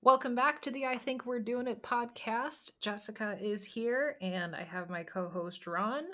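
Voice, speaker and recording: A woman's voice: on the high side, a little slow, fairly bright tone. A woman hosting a podcast in casual chat, dry and amused, laughing easily. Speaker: podcast host.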